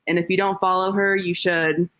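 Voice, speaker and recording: A woman's voice: on the low side, little pitch movement, moderate pace, a bit bright. A woman guest on a podcast in casual chat, rambling and filling her speech with "like". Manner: rambling, lots of "like" fillers.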